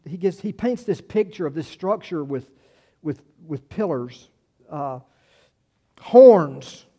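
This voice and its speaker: A man's voice: fairly high pitch, expressive, measured pace, mellow. A man in his sixties preaching a sermon in a folksy, conversational way, repeating words and telling personal stories. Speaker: pastor.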